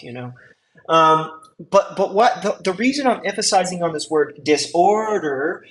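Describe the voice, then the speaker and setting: An EMT instructor, a man with a slightly high voice, gives a classroom lecture on poor-quality audio. He keeps it conversational, leaning on lots of fillers and frequent check-in questions to the class.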